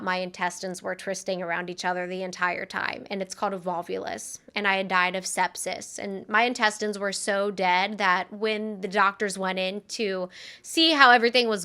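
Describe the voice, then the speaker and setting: A young woman co-hosting a podcast tells a personal story. Her voice is bright and crisp, and her tone is earnest and conversational, with plenty of "um"s along the way. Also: mid-range voice. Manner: earnest, conversational with frequent fillers. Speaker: podcast co-host.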